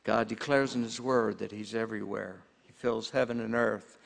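A man preaching a sermon as pastor, earnest and emphatic, slowing down to stress key words. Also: on the low side, fairly even intonation, creaky. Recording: long hall reverb.

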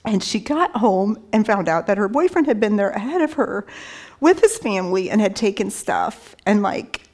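A woman tells her own story to an audience, with deep feeling in her voice. Her delivery is loose and conversational, full of fillers and quoted exchanges. She drops to whispers and soft laughter as she talks, at an ordinary pitch for a woman. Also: expressive, moderate pace. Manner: many fillers like "you know" and "like". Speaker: speaker giving a personal testimony. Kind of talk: personal testimony talk.

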